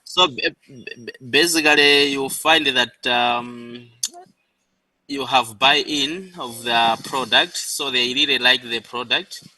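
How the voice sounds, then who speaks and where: A man answering a question in class, speaking haltingly with stammers and fillers. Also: medium pitch, steady tone, pushed and bright, far from the mic, low-quality recording. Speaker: student.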